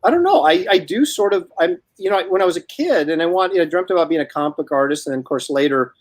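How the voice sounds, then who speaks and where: A man hosts a loose, easygoing chat, his voice sitting a little high. He rambles, stops and restarts his thoughts, and chuckles along the way. The sound is close and dry, with no room around it. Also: expressive, fast talker, dry recording. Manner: rambling, self-interrupting, chuckles often. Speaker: host. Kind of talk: casual chat while drawing.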